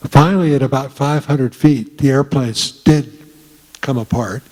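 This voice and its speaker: A man's voice: medium pitch, a little mellow. Older man telling stories in a hall. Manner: folksy storytelling, frequent "uh" pauses. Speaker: guest speaker. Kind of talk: casual talk to an audience. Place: meeting room. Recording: reverberant hall.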